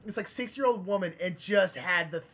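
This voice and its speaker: A man's voice: high voice, a little fast, a bit bright. A young man co-hosting a live game stream, chatting casually and telling rambling stories full of "like". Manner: rambling storyteller, lots of "like". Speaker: streamer co-host.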